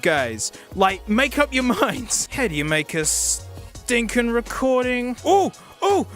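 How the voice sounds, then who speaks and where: Aussie guy reviewing a gadget, excitable and sarcastic, voice jumps all over. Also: extremely high pitch. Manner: excitable and sarcastic, laughs often. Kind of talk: casual product review vlog.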